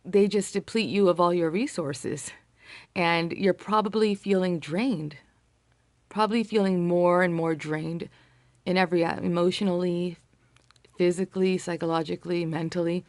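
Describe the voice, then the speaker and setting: A young woman speaks to camera in an earnest, reflective way, pausing often and searching for words. Her voice sits low with a gravelly fry. The sound is close and dry. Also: fairly even intonation, a little mellow, no echo. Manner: earnest, reflective, halting with fillers. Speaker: vlogger sharing personal experience. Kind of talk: casual talk to camera.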